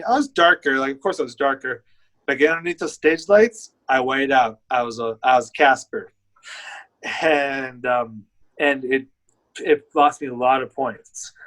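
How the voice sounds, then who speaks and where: A man's voice: medium pitch, a bit bright, low-quality recording. A man guest, a bodybuilder, telling his story in candid, rambling casual chat.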